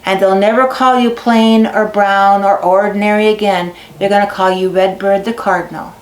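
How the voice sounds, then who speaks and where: A woman's voice: medium pitch, fairly even intonation, normal speed, natural voice. A woman voicing a big proud wolf in an echoey barn. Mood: grateful.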